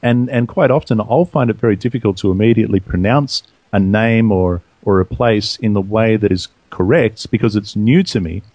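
A man's voice: on the low side, normal speed, few pauses, darkish tone, dry recording. A man co-hosting a conversational Bible study, thinking aloud and raising questions about the text. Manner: reflective, asks probing questions.

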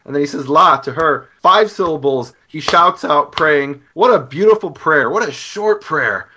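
A man teaching scripture in a discussion. He talks earnestly and with enthusiasm, pausing on fillers as he thinks. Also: a little high, expressive, sharp tone, highs cut off, slight background noise. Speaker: Bible teacher.

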